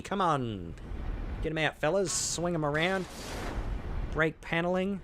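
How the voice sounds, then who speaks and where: A man's voice: on the high side, animated, unhurried, long pauses, fairly bright tone, slight background noise. A middle-aged man giving chatty, rambling commentary while streaming a game, joking at his own mistakes and cheering his character on. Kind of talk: casual gameplay commentary.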